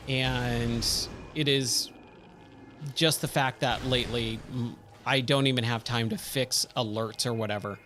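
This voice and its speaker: A man's voice: mid-range voice, fairly even intonation, unhurried, a bit bright, a little hiss or hum. A man with a Californian accent giving casual let's-play commentary, chatting and exclaiming at the game in surfer slang. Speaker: streamer; trainer at day job.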